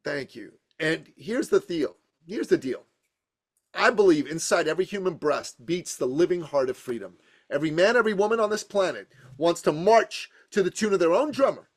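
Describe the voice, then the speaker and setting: A business coach from Iran in his fifties tells his story as a podcast guest, motivational and delivered in an emphatic, punchy, rhythmic way. His voice is high-pitched, expressive, and brisk.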